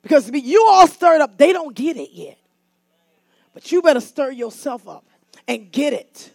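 Lady preacher going hard, shouting at the church then telling stories, gravelly high voice. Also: very animated, unhurried, no echo. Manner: fervent, shouting exhortation to the congregation; casual storytelling between bursts. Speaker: minister. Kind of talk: sermon.

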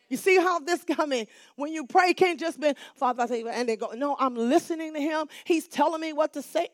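Swinging from hushed lines to shouts, a woman pastor delivers a call-and-response sermon, driving points home through repetition. She has a high-pitched voice, recorded cleanly in a studio without echo.

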